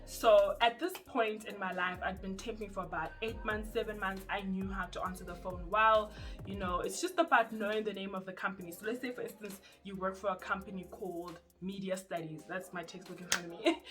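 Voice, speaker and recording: A young woman from South Africa with a South African accent, telling her story in a casual, animated vlog. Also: medium pitch, brisk. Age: young adult. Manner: chatty and animated, acts out quoted voices. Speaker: YouTuber. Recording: music playing underneath.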